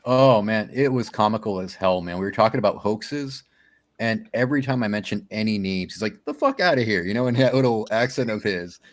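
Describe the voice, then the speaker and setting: A man's voice: fairly low pitch, fairly quick. A man in a casual group chat, laid-back and colloquial.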